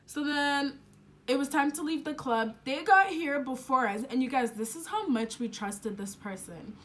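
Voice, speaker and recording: A young woman telling a story to the camera at home, animated and casual, swearing freely and using slang. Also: sits high, moderate pace. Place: home, indoors.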